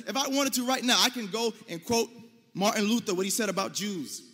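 An American man giving an emphatic debate speech to an audience, pressing his points and rising to near-shouts. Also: extremely high pitch, a little fast. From United States. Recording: long hall reverb.

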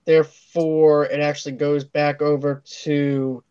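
A man hosting a casual podcast, briskly reading a listener's list and moving the talk along. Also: a little high, little pitch movement, warm tone, clear, resonant tone, dry recording. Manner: brisk, reads out listener lists and moves things along. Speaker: podcast host. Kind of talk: casual chat. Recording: dull, lo-fi sound.

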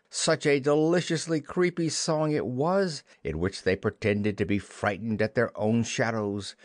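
A man narrating a classic children's storybook in an expressive, unhurried way. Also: medium pitch, no echo, clean studio sound. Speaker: audiobook narrator.

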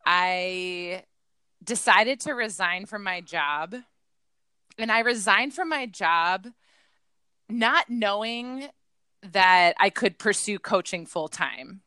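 A woman's voice: mid-range voice, animated, takes it slowly, bright, forceful tone, clean tone, no echo. A woman who coaches fitness, co-hosting a casual podcast and earnestly telling her own story, voicing her past self in quotes.

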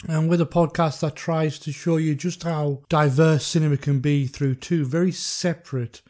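A man's voice: a little high, fairly even intonation, moderate pace, darkish tone. A man co-hosting a film podcast in laid-back, chatty conversation, laughing easily. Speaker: podcast co-host. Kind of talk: casual podcast chat.

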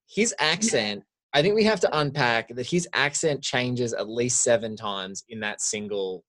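A man's voice: mid-range voice, measured pace, few pauses. Chatty male podcast co-host. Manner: animated, heavy use of "like". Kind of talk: casual film chat.

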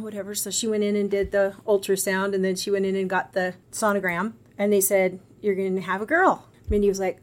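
A middle-aged woman, a guest on a podcast, telling a personal story in a casual, animated way and acting out the other people's lines. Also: mid-range voice, fairly quick, few pauses. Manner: animated, acts out quoted voices.

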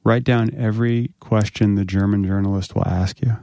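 A man's voice: on the low side, steady tone, normal speed, warm tone, no room sound, studio quality. A man hosting a podcast, asking an interview guest rambling, amused questions. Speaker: podcast host. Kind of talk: casual interview chat.

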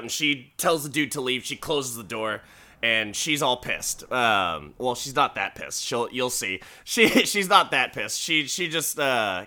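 A man's voice: fairly high pitch, sharp tone. A man casually recapping a show, rambling and swearing, laughing often and acting out characters' lines. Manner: rambling, profane, laughing, acts out quotes.

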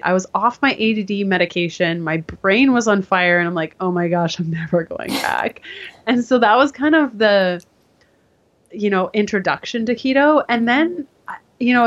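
A woman guest in an interview, telling her story in a casual, animated way and acting out what others said to her. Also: medium pitch. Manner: animated, acts out quoted voices. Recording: dull lo-fi sound.

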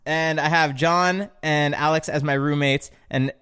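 A man's voice: fairly high pitch, steady tone, unhurried, pushed and bright, clear, resonant tone. A man co-hosting a casual podcast, answering with dry, laid-back remarks. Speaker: podcast co-host.

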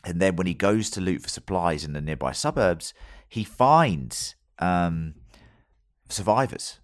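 A man's voice: sits low, lively intonation, unhurried, no room sound, clean studio sound. A man hosting a podcast, telling a story loosely with plenty of fillers and the odd swear word. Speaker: podcast host. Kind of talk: casual podcast chat.

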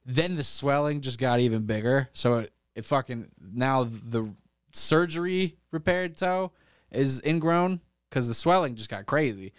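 Young man, casual chat, many fillers, profane, laughs often, middling pitch, smooth tone. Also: lively intonation, measured pace, dry recording, clean studio sound.

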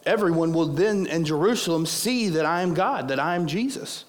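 A hoarse man voicing a male savior figure thinking a choice through aloud, in a sermon. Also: a little high, lively intonation, normal speed, lightly acted. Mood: musing. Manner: musing, reasoning aloud.

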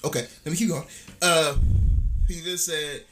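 A young man co-hosting a podcast, telling a story in casual chat, laughing often and acting out quotes loudly. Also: fairly high pitch, steady tone, moderate pace, slight background noise. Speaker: podcast co-host.

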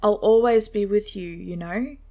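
A woman voicing a worried father who is a police officer, speaking in a low, solemn, urgent way in a spoken story. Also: moderate pace, mellow, natural voice. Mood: grave.

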